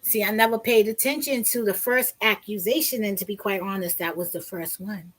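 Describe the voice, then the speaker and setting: A woman vlogger telling a personal story in a casual, blunt, animated way, with some profanity. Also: medium pitch, brisk, husky.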